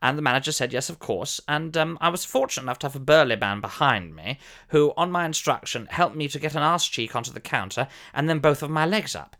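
A man's voice: on the high side, expressive, brisk, a bit bright. Guy putting on a posh old actor type, plummy and theatrical, voice swoops all over the place. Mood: pompous. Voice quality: plummy, theatrical, prone to sudden shrieks. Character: pompous posh older male ex-soap actor. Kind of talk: comic character monologue.

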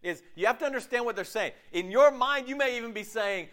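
A man preaching a sermon as pastor, animated and chatty, acting out quoted voices and laughing at himself. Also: high-pitched, quick pace, few pauses.

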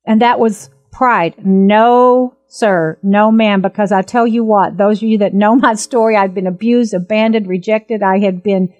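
A woman in her fifties, a minister, telling her testimony in an earnest, emphatic and animated way. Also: medium pitch, unhurried, few pauses, soft background music. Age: 50s. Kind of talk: personal testimony talk.

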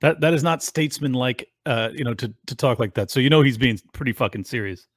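A man's voice: medium pitch, fast talker, dry recording, clean studio sound. Blunt profane man hosting a podcast. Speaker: podcast host. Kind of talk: casual podcast conversation.

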